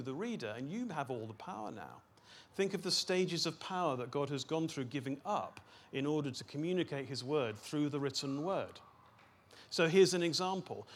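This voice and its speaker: A man reading scripture aloud, then teaching a seminar on it, slowing down and stressing single words. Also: a little high, breathy edge.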